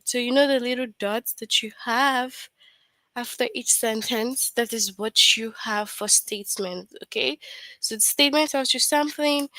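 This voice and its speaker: A patient woman teacher runs an online grammar lesson for small children, voice sitting a little high. She repeats each point slowly and keeps checking in with quick questions. The sound is close and dry, with no room around it. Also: fairly bright tone, no room sound, poor audio. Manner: patient, repetitive, checks in with "okay?" and "right?".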